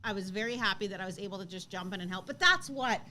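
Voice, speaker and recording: Bright, animated woman telling a story. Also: medium pitch, fast, slight background noise. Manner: animated storytelling, acts out quotes, laughs often. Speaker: co-host. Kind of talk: casual live-stream chat.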